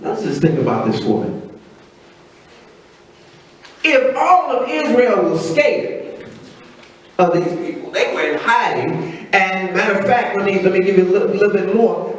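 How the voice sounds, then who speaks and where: A high-pitched man preaches in a relaxed, storytelling way, switching into a gruff low voice for the people he quotes. He sounds a little distant from the microphone. The church around him rings with heavy echo, and faint room noise sits underneath. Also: normal speed, pauses often. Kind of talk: sermon.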